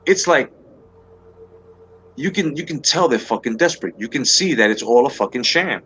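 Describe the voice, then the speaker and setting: A man in mid pitch, hosting a live talk stream and ranting hard against his opponents. He swears constantly, repeats himself and stumbles through restarts. A faint hiss of noise sits under his voice. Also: lively intonation, normal speed, pushed and bright. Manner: profane, heated, repeats himself and restarts often. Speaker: livestream talk show host. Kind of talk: heated political rant to a live chat.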